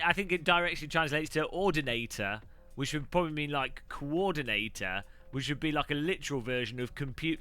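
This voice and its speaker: A man chats through a sim racing stream, joking with his viewers. His voice is bright and ringing, swinging widely in pitch, and he talks at an unhurried pace over faint game music. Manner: jokey, chats with viewers, mock French phrases. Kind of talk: casual live-stream chat while sim racing.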